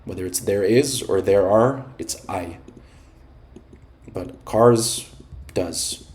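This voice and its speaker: A man teaching beginner Spanish in English, patiently explaining words and grammar with the odd filler and throat clearing. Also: on the low side, slow pace, darkish tone. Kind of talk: explaining a listening exercise.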